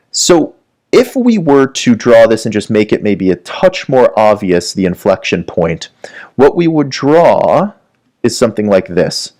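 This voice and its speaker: A man's voice: lowish voice, darkish tone. A man teaching a medical lecture, walking through diagrams and often checking in with "right?". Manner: explanatory, frequent "right?" check-ins. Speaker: medical educator. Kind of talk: whiteboard lecture.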